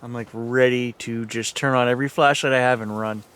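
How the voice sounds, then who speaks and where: A man's voice: mid-range voice, steady tone, brisk, fairly bright tone, clean tone. A man vlogging alone outdoors at night, talking nervously and thinking aloud to his viewers. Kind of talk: ghost-hunting vlog, talking to viewers.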